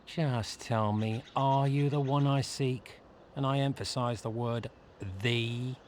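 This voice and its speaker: A man's voice: medium pitch, fairly even intonation, slow pace, a little mellow, slight background noise, natural voice. An actor playing a snarky, greedy male bard anti-hero in a video game, with dry, mocking quips. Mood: sardonic.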